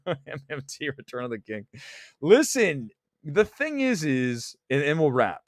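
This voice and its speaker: A man hosting a movie livestream, blunt and teasing as he reads his chat. His pitch swings widely and sits a touch high. The sound is close and dry. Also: wildly swooping pitch, unhurried, no echo. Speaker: livestream host.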